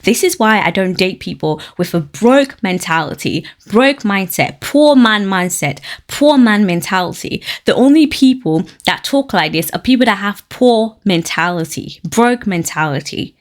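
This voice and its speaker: A woman from Nigeria hosting a podcast, reading out online stories and reacting with outspoken, animated commentary and frequent laughter. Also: medium pitch, normal speed, hardly any pauses. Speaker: podcast host.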